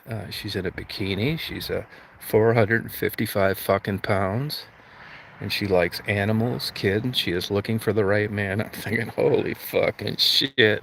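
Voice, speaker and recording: A man's voice: fairly low pitch, creaky, a bit bright, slight background noise. A man hosting a livestream, ranting crudely with constant swearing and mock outrage. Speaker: livestream host. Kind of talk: profane comedic rant.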